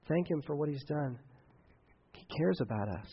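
A man's voice: high voice, fairly quick, pauses often, breathy edge, dull audio. A man preaching a sermon and leading a closing prayer, telling stories casually with many fillers and restarts. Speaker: pastor.

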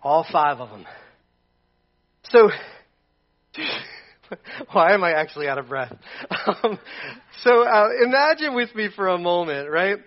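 A man's voice: high-pitched, sing-song, unhurried, long pauses. A man preaching a casual, humorous sermon, rambling and playful and often restarting his sentences. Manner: rambling and playful, with self-corrections. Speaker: pastor. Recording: dull lo-fi recording.

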